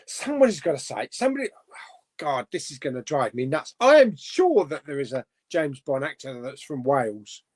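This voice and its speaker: A man's voice: mid-range voice, very animated, normal speed. A man hosting a casual live chat, reading out viewer comments and musing aloud, laughing to himself as he goes. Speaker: host.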